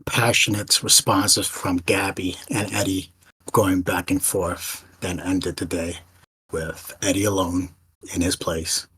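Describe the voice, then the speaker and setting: A man's voice: fairly low pitch, fairly bright tone, slightly rough. A man narrating as game master of a tabletop game, rambling and correcting himself as he goes.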